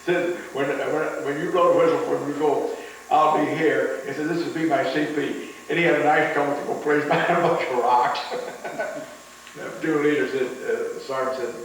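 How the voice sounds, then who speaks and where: A man's voice: on the high side, fairly even intonation, moderate pace, very echoey. Older male veteran storyteller, rambling delivery; distant mic, faint hiss. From United States. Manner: rambling storytelling with many restarts, chuckling at the memories. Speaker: war veteran interviewee. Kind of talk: oral history interview.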